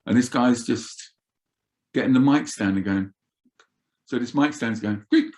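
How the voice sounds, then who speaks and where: An older man telling roadie stories in an animated, swearing way as an interview guest. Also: mid-range voice, a little slow. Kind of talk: casual storytelling.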